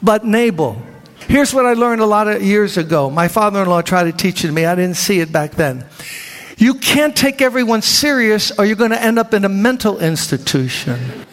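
A man preaching a sermon to a church congregation, animated and acting out the voices of the people in his story. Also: high voice, moderate pace. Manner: animated, acts out voices of biblical figures. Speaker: pastor. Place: large church hall. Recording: reverberant church hall.

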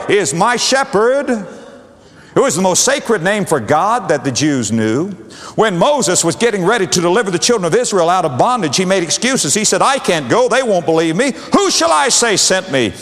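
Man preaching with a wide, swinging voice. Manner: dramatic preaching cadence, repeats phrases, swings from booming to hushed. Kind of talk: sermon. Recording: long hall reverb.

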